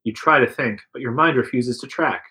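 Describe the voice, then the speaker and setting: Reading a second-person interactive adventure story aloud to friends, a man voices the quoted lines with some liveliness. His mid-range voice is brisk, pushed, and bright, and the recording quality is low.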